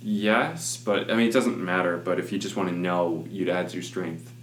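A man's voice: deep voice, steady tone, normal speed. A man narrating a tabletop game as game master in a casual, laughing, swearing way. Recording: echoey room with faint noise.

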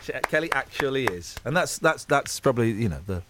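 Cheeky man, lively radio presenter. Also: medium pitch, brisk, heavy background noise. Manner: cheeky, self-mocking, teasing. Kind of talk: jokey radio podcast banter. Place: radio studio.

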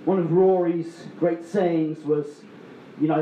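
A man's voice: fairly high pitch, fairly even intonation, slow, warm tone, roomy sound, a little hiss or hum, rough recording. A man telling a story on stage at a story slam, rambling and self-mocking with many restarts. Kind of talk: live storytelling.

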